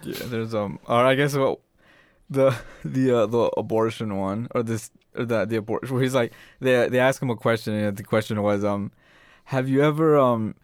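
A man's voice: on the low side, fairly even intonation, normal speed, no echo. A man co-hosting a podcast who talks casually and hesitantly, often stumbling and restarting his sentences. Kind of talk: casual chat.

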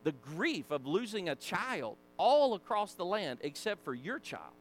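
Animated Southern man teaching Sunday school. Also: high voice, a little slow. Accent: Southern American. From American South. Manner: animated, acts out voices, folksy asides. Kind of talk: casual Bible teaching.

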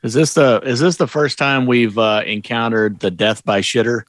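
A man's voice: mid-range voice, fairly even intonation, normal speed, fairly bright tone, no room sound. A man co-hosting a casual movie recap, mostly adding short, dry asides. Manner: brief interjections and dry asides. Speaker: podcast co-host.

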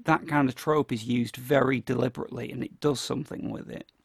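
Gravelly man chatting casually. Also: mid-range voice, steady tone, brisk, no room sound, studio quality. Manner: hesitant, many fillers and restarts. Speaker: podcast co-host. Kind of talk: casual chat about a TV play.

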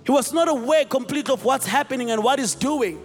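A male pastor preaching with a very high voice, retelling a scene in lively, animated storytelling. He slips into acted-out voices and calls out to the congregation. His voice rings through a reverberant hall over faint music. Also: quick pace. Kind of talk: sermon.

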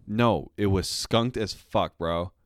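A young man co-hosting a podcast, talking in a crude, profane, deadpan teasing way. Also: lowish voice, slow pace, no room sound, studio quality. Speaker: podcast co-host. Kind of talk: crude casual chat.

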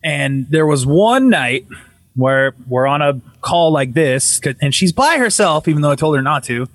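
A man's voice: a little high, moderate pace. A man telling a creepy personal story to a group on a call, swearing freely and acting out the voices in it. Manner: animated, swearing, acts out voices in his story. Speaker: caller telling a ghost story.

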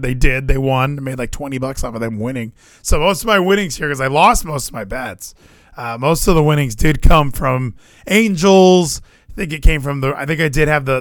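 A man's voice: on the high side, dry recording, clean studio sound. A young man, co-host of a podcast, talking about his football weekend in casual chat, swearing and restarting often. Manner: animated, swears, frequent fillers and restarts.

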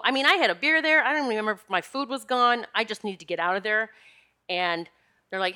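Bright-voiced woman telling a personal story. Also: a little high, moderate pace. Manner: animated, confiding, addresses listeners directly. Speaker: spiritual energy practitioner. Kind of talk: casual storytelling monologue.

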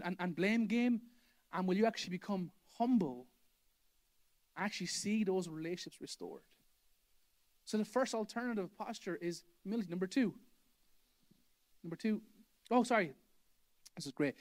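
High-voiced man preaching emphatically. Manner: emphatic, repeats key phrases for effect. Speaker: pastor. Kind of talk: sermon. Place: church hall.

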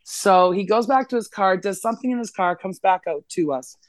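Here a Canadian woman co-hosting a podcast tells a story at a fairly quick clip in a medium-pitched voice. She's profane and animated, slipping into the voices of the characters she describes, and her sound is close and dry with no echo.

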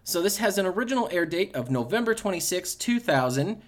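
A man's voice: high-pitched, big pitch swings, fairly quick, hardly any pauses. A man co-hosting a casual podcast, joking around and tripping over his words in restarts. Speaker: podcast co-host. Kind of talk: casual chat.

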